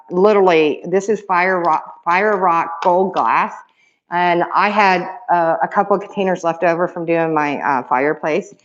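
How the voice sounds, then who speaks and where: A woman showing off her handmade resin keychains in a casual, excitable, rambling vlog, repeating words for emphasis. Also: lowish voice, dull audio. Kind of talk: casual show-and-tell vlog.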